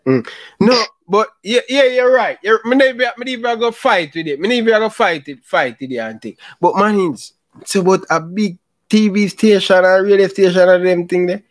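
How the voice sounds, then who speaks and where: A man's voice: sits high, normal speed, no room sound, clean studio sound. A man with a Jamaican accent hosting a football talk show, apologetic and laughing often, repeating "brother". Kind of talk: casual argumentative chat.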